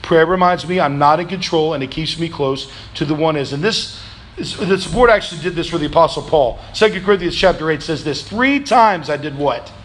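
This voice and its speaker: A man with a high voice delivers a sermon in a church, pressing the congregation for call-and-response answers. He swings from shouted pleading down to hushed, reflective lines, with faint room ambience behind him. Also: brisk, a little hiss or hum. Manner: preaching with call-and-response, rising to shouts then dropping low. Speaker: pastor. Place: church sanctuary.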